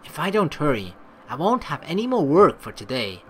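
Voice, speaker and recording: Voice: mid-range voice, sing-song, moderate pace, slight background noise, lightly acted. Performer voicing a meek orphan boy guide. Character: poor orphan boy, a humble street guide.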